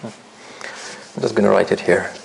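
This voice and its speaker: A man with a low, gravelly voice leads a classroom lesson on recitation. He explains step by step in a conversational tone, quizzing his students and asking "right?" as he goes. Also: fairly even intonation, slow pace, slight background noise. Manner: conversational, often checks understanding with "right?"; questions students directly. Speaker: Quran recitation teacher.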